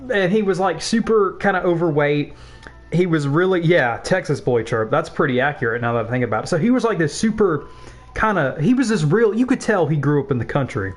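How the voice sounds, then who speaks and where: A young man of about nineteen, a game streamer, chatting casually and telling a school story while he plays, rambling with swearing and laughing asides. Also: a little high. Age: young adult, about 19.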